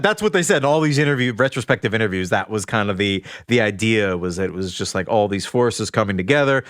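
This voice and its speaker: A man's voice: on the low side, fairly bright tone, no echo, clean studio sound. A man co-hosting a podcast, telling music and film history in a chatty, storytelling way. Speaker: podcast co-host. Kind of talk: casual chat.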